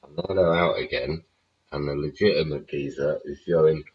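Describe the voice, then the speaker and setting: Gruff, deep-voiced sweary man ranting. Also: normal speed, a little mellow. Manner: heavy swearing, blunt and sarcastic. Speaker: show host. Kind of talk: ranting livestream commentary. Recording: dull lo-fi audio.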